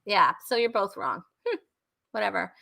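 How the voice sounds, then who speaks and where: A woman's voice: medium pitch, lively intonation, normal speed, vocal fry, sharp tone. A woman hosting a live online comedy talk show, chatting casually and laughing often. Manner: giggly and bubbly, laughs often. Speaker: host.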